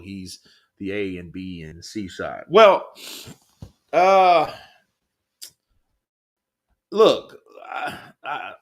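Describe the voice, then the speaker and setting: Casting note: a male livestream host, slightly low voice, casual and rambling, swears freely while reading chat. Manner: laid-back, rambling, swears a lot. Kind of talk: casual live boxing chat, reading viewer comments.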